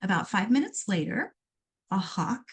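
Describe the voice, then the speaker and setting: A middle-aged woman from Iowa hosts a live call-in show, reading out listeners' questions and answering them as a psychic medium. Her voice sits in an ordinary middle pitch. She talks in a chatty, animated way and keeps breaking off into playful asides. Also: normal speed, husky.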